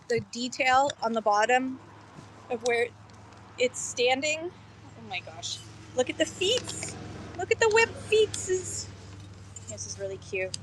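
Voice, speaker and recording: A woman running a lively live-stream pottery auction outdoors in a park, chatty and excitable, explaining pieces between bids. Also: on the high side, poor audio. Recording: faint outdoor background noise.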